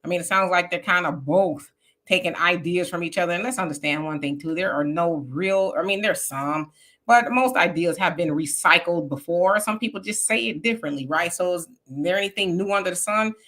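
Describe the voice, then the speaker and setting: A woman's voice: lowish voice, fairly quick, a bit bright. A woman from California hosting a casual livestream, chatting and greeting viewers by name. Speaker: livestream host.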